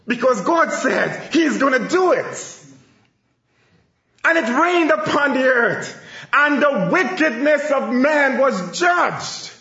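A man preaching a sermon with emphatic delivery that swells into shouts. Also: extremely high pitch. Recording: echoey room, dull lo-fi sound.

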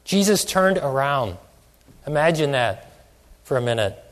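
A man's voice: medium pitch, very animated, measured pace. A man preaching a sermon, asking many questions and stretching out phrases for emphasis. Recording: long hall reverb.

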